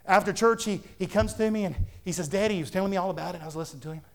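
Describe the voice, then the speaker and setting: A man's voice: high-pitched, very fast. A man, a pastor preaching a fervent, conversational sermon full of repetitions.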